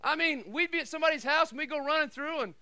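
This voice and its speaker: A middle-aged man preaching a sermon as pastor, telling stories with animated swings between shouted lines and quiet asides. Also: very high voice, fast talker, dry recording.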